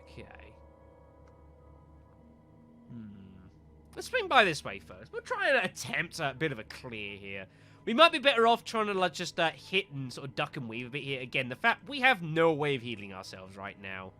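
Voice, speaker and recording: A man's voice: fairly high pitch, huge pitch swings, moderate pace, pushed and bright, soft background music. A man streaming a game live, talking to viewers as folks and getting exasperated at missed shots. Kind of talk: live gameplay commentary.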